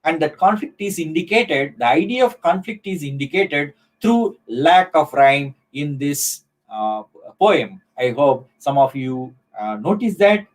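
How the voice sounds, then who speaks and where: A middle-aged male professor with an Indian English accent lectures live online in a slightly high voice. He talks slowly and deliberately, and often pauses on fillers and restarts his phrases. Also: expressive, poor audio.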